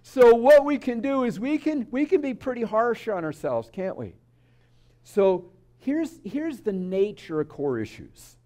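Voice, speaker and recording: A man preaches a sermon at a church service, speaking conversationally, telling stories, and throwing asides to the audience as a speaker at a spiritual community service. His voice is extremely high-pitched and dark in tone, very animated yet a little slow.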